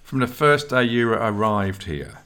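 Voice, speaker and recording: A man's voice: mid-range voice, expressive, a little slow, a bit bright, smooth, pitched above the performer's own voice. A man reading an audiobook voices a fussy, exasperated young man who corrects his friend with patient primness. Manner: prim and exasperated.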